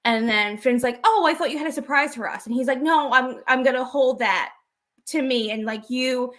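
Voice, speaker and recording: A woman's voice: sits high, moderate pace, a bit bright. A woman co-hosting a podcast, chattily recapping wrestling and acting out the lines she quotes. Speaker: podcast co-host. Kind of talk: casual wrestling recap chat.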